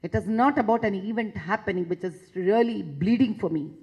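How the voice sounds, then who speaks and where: A woman's voice: medium pitch, a little fast, dark tone, breathy edge, rough recording. A woman with an Indian English accent giving an impassioned public talk, emphatic and repeating phrases for force. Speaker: public speaker addressing a session.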